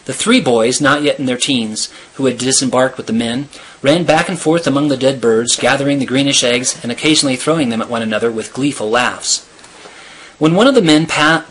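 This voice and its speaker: Husky man reading a story aloud. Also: medium pitch, fairly bright tone. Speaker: reader.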